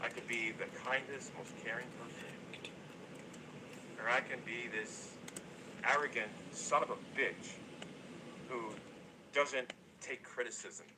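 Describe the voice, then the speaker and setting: Blunt, cursing man on a noisy stream. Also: medium pitch. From New Jersey. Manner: blunt, profane, repetitive. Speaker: YouTuber. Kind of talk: livestream rant to viewers.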